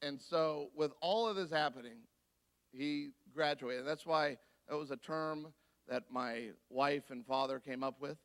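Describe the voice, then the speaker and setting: A man giving a guest sermon, telling a personal story in an animated way and acting out the voices of the people in it. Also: fairly high pitch, unhurried, clear, resonant tone. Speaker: guest speaker. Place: church.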